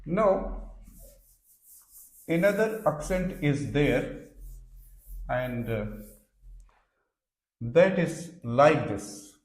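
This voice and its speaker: A male teacher gives a beginner French lesson at a very unhurried pace, explaining each word carefully and spelling some out letter by letter. His voice sits a little high for a man. The room is echoey around him. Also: expressive. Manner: slow, deliberate explaining, spelling words letter by letter. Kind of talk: classroom lecture.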